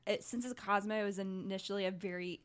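A woman's voice: medium pitch, steady tone, fast. A woman co-hosting a casual podcast, joking and playful with her friends. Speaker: podcast co-host. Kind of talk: casual chat.

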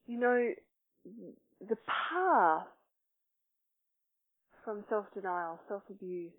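Woman teaching self-love over tinny sound. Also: mid-range voice. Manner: probing, asks many questions; soft and slow in meditation. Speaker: self-love workshop leader. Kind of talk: teaching talk and guided meditation.

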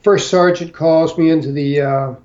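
An older man from Missouri telling a story in an interview, halting with many fillers and restarts. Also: on the high side, steady tone, a little mellow, lo-fi sound. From St. Louis, Missouri. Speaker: interview guest.

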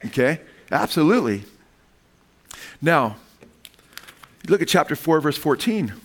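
A male pastor preaching a sermon in a voice pitched somewhat high for a man. He reads scripture aloud, prompts the congregation with call-and-response questions, and breaks into animated asides. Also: measured pace. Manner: call-and-response, asking the congregation "amen?" and "what?".

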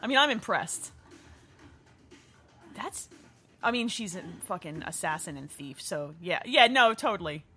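Woman riffing on a movie, bright, snarky, lots of laughs. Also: medium pitch, expressive, unhurried, long pauses, breathy edge, soft background music. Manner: swearing, snarky, laughs often. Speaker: movie commentator. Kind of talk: casual movie-watching chat.

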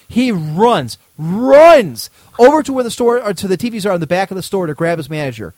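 Animated storytelling man, higher voice. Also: brisk, few pauses, dry recording. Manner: animated, acts out both sides of dialogue, swears freely. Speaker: podcast co-host. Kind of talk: casual storytelling chat.

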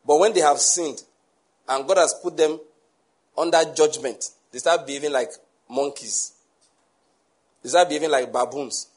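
A man's voice: on the high side, moderate pace, pauses often, breathy edge. A man preaching a sermon, emphatic and full of rhetorical questions to the congregation.

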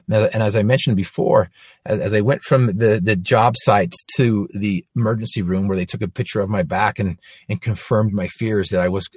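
A man's voice: lowish voice, a little mellow, husky, no echo, studio quality. A man in his forties giving an earnest faith testimony, telling his story with frequent restarts. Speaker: inspirational speaker.

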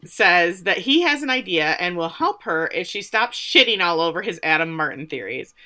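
Woman podcast co-host, bright and sharp-toned, sarcastic recapper. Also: lowish voice, big pitch swings, normal speed. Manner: laughing, sarcastic, mimics characters' lines. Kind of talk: casual episode recap with quoted lines.

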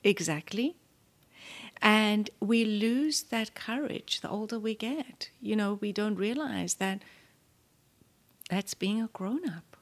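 A South African woman in her fifties, speaking with a South African accent, appears as an interview guest. She tells her story with animation, often dropping to a near-whisper, in a mid-range voice at a slow pace.

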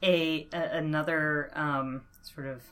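A woman's voice: low-pitched, steady tone, takes it slowly, a bit bright, clear, resonant tone. A woman linguist as a podcast guest, explaining thoughtfully with many fillers and laughs. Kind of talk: podcast interview.

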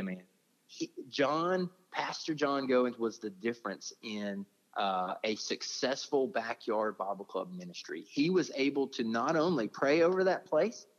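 A man with a drawl tells ministry stories in an earnest, feeling way, often dropping in "man" as he talks. His voice sits at an ordinary middle pitch. The audio is muffled and lo-fi. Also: long reverb tail. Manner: heartfelt, speaks with feeling, says "man" often. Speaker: ministry leader, interview guest. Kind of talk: earnest conversational storytelling. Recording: dull lo-fi audio.

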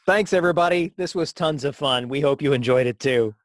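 A man's voice: fairly high pitch, a little fast. A man from the United States co-hosting a podcast, joking and laughing easily. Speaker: podcast co-host. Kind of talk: casual chat.

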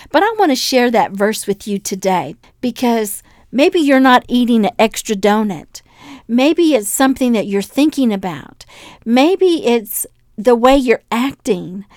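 A woman's voice: fairly high pitch, dry recording, studio quality. An older woman hosting a devotional podcast, teaching and telling homey stories in which she acts out the voices of the people in them. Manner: warm storytelling, acting out voices in her anecdotes. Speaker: podcast host and preacher.

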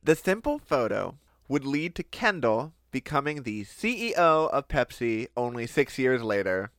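A man's voice: mid-range voice, very animated, measured pace, a bit bright, no echo. A man co-hosting a comedic podcast, telling a history story with lots of laughter and silly quoted voices. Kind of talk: casual comedic podcast chat.

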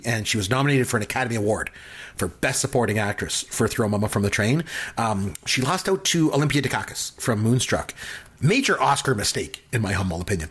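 A man's voice: mid-range voice, a bit bright, breathy edge. A man talking enthusiastically about a film in a casual discussion, laughing often and using many fillers.

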